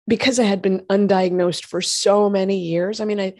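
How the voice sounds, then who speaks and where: A woman, a doctor and host telling her own health story in lively conversation, acting out what others said. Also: medium pitch, normal speed, no echo, clean studio sound. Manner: animated storytelling, acts out quoted voices. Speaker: functional medicine gynecologist and podcast host.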